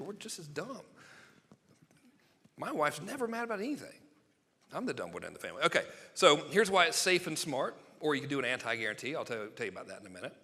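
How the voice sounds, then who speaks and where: A man giving a live sales seminar, talking fast and excitably, joking and acting out quotes. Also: medium pitch, big-room sound, a little hiss or hum. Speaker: sales copywriting presenter.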